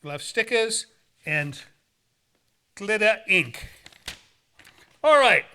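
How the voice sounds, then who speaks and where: High, bright-voiced goofy horror host man. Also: very animated, very slow, smooth. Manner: goofy, rambling jokes and playful banter. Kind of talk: playful, campy hosting chat.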